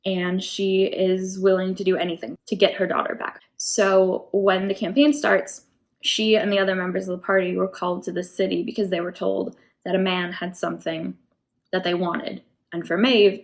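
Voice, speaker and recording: A woman's voice: fairly low pitch, vocal fry. A woman in her twenties chatting casually as a vlogger about her tabletop game characters, rambling a little and correcting herself as she goes. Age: 20s.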